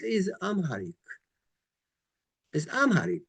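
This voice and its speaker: A man's voice: a little high, sing-song, moderate pace, long pauses. A male language teacher, giving a lesson and carefully repeating example words.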